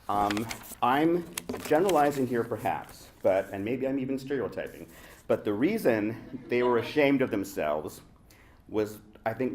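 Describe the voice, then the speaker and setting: With a lowish voice and darkish tone, an Indian subcontinent actor reads a prepared speech on a festival panel to a roomful of people. He is reflective, using rhetorical questions to press his points.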